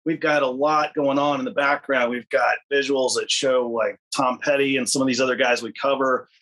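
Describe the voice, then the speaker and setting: A male musician being interviewed on a podcast, with a voice of ordinary middle pitch. He explains his work in a friendly, well-organized way. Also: steady tone, normal speed, a bit bright, poor audio. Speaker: guest musician.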